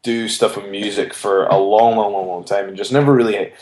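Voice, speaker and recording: A man's voice: on the low side, fairly even intonation, a little fast, darkish tone. A man, a wrestler being interviewed, telling his story earnestly and often restarting his phrases. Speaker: wrestler guest. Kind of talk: casual interview chat. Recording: roomy echo.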